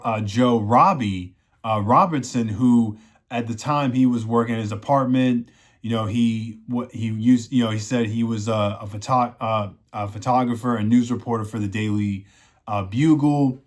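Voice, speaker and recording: Regular guy rambling thru a show recap, tons of you knows, mid voice. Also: mid-range voice. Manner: rambling, full of "you know" fillers. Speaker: show reviewer. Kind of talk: casual plot recap.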